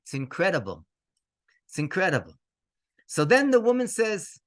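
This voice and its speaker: A man telling a story as a rabbi, his voice sitting a little high and swinging widely up and down. He speaks with lively emotion, drops in Hebrew words and chuckles as he goes. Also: normal speed, long pauses. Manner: animated, mixes in Hebrew phrases, laughs between lines. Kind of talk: storytelling to an audience.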